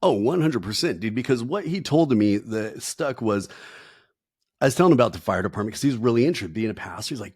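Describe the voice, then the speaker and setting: A man's voice: mid-range voice, expressive, rapid-fire, a little mellow, no room sound, clean studio sound. A middle-aged man and retired firefighter, telling his story in a casual, blunt, slangy way and acting out the voices he quotes. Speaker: podcast guest, retired firefighter. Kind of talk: candid storytelling interview.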